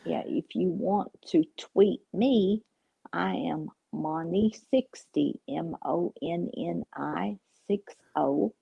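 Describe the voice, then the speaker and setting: A woman's voice: on the low side, slow pace, gravelly, slightly rough, dry recording, highs cut off. A woman co-hosting a casual podcast in a laid-back way. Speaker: podcast co-host.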